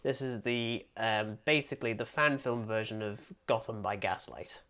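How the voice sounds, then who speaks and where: A man's voice: on the low side, normal speed, a bit bright. A man from England co-hosting a podcast, reviewing films in a casual, rambling, self-deprecating way with lots of "um"s. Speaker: podcast co-host. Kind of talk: casual film review chat.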